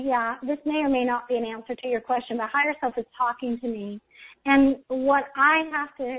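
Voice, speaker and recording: A woman host giving intuitive spiritual readings in a soothing, guiding way, often checking in with "okay?", over a tinny line. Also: sits high. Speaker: intuitive reader, show host.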